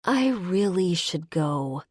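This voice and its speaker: A woman's voice: lowish voice, big pitch swings, slow, a little mellow, no echo, studio quality, heavily acted. A woman voicing a hurt but hopeful young human heroine, talking in pleading, emotional lines. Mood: pained.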